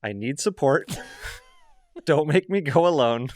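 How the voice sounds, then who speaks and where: A man's voice: on the high side, expressive, slow pace, dry recording. A man co-hosting a podcast, joking through a banter game with dry, mock-whiny comic exaggeration. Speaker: podcast co-host.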